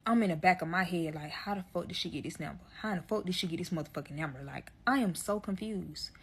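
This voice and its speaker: A woman's voice: fairly low pitch, fast, fairly bright tone, breathy edge. A woman telling a dramatic personal story to her viewers in a storytime vlog, swearing freely and talking straight to her audience.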